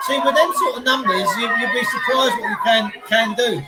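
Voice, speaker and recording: A man's voice: extremely high pitch, fairly quick. A middle-aged man, ranting to viewers on a live stream in an emphatic, repetitive way. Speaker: livestreamer. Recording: loud background noise.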